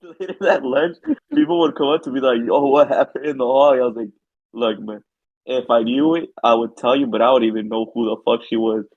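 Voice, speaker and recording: A man's voice: mid-range voice, brisk, breathy edge, dry recording. A young man, a podcast co-host, telling a rambling, filler-heavy story in casual chat. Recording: dull lo-fi sound.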